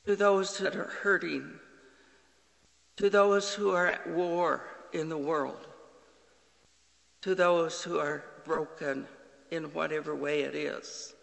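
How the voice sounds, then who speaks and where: Male pastor, sermon delivery, bright slow voice with long reverb. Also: fairly high pitch, gravelly. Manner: slow, earnest preaching with quoted dialogue.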